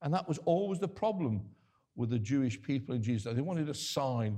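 A man's voice: medium pitch, animated, fairly quick, mellow. An older man preaching a sermon, earnest and conversational, often restarting his sentences.

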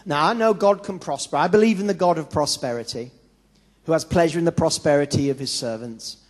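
High-voiced male preacher in a reverberant hall. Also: brisk. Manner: conversational preaching with acted quotes. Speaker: pastor. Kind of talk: sermon.

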